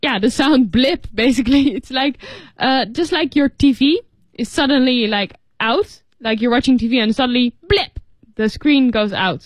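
A woman's voice: high voice, moderate pace, no echo, clean studio sound. A woman reading an English story aloud, then explaining its words casually on a language lesson broadcast.

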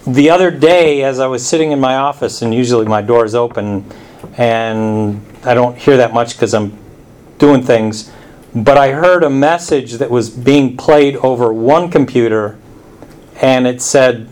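A man, a community administrator, giving a casual address at a residents' meeting with relaxed storytelling. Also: mid-range voice, measured pace.

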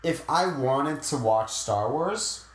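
A young man co-hosting a casual podcast, rambling and poking fun at himself in a middle-pitched voice. The room has a noticeable echo. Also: expressive, takes it slowly. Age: young adult. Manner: rambling, self-mocking, jokey. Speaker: podcast co-host. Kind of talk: casual chat. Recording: echoey room.

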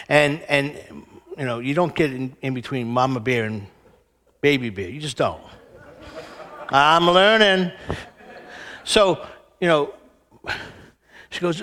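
A man's voice: fairly high pitch, sharp tone, in a large hall. A middle-aged man giving a conversational sermon, telling personal stories and acting out the voices in them. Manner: conversational storytelling, acts out voices. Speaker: speaker at a spiritual center.

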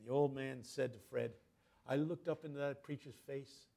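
An older man giving a sermon as a guest preacher, telling a story dramatically, dropping to a hush and then rising loud as he acts out the people in it. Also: mid-range voice, fairly even intonation, normal speed, creaky. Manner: dramatic storyteller, swings from hushed to loud, acts out quoted voices.

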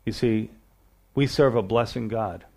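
A man's voice: lowish voice, unhurried, darkish tone. A middle-aged male pastor teaching a sermon verse by verse, reading scripture aloud and asking his listeners rhetorical questions in a conversational preaching manner.

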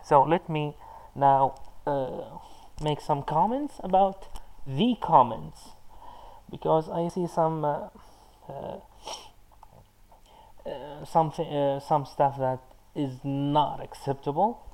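A man teaching an online lesson, explaining patiently and pausing often with filler sounds as he answers chat comments. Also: fairly high pitch, a little mellow, rough recording. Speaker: Arabic teacher.

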